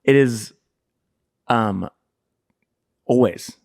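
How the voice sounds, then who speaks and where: A man's voice: medium pitch, extremely slow, gravelly, a little mellow, dry recording, studio quality. A young man co-hosting a casual podcast, talking with lots of fillers and laughing through his stories. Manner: filler-heavy, laughs while telling stories. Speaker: podcast co-host. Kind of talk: casual chat.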